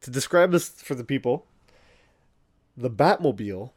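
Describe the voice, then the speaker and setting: A man's voice: medium pitch, expressive, normal speed. A man co-hosting a podcast in casual chat, telling a story in a chatty way and laughing often.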